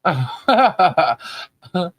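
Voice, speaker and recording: A man's voice: high-pitched, very animated, very slow, a bit bright, husky, no room sound. Laughing playful male livestream co-host. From not from Australia. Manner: laughs often, reads chat aloud, playful chanting. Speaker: podcast co-host. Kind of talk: casual livestream chat.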